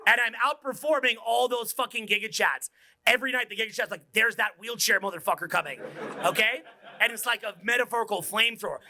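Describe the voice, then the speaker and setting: High-pitched forceful seminar coach in his forties, profane, swings whisper to shout. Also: fast talker, no room sound, studio quality. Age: 40s. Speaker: dating coach. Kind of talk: motivational seminar talk.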